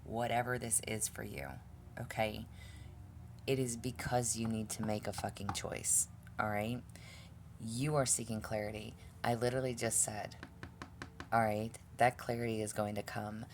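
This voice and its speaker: Speaking straight to camera, a woman with a very deep, low voice does a casual tarot reading at normal speed with little pitch movement. She's blunt and exasperated, swears freely and stumbles over her sentences, with a faint hiss beneath the recording.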